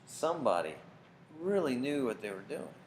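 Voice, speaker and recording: A man telling a story to children at camp, dramatic and expressive, getting loud for big moments. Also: mid-range voice, normal speed. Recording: faint background noise.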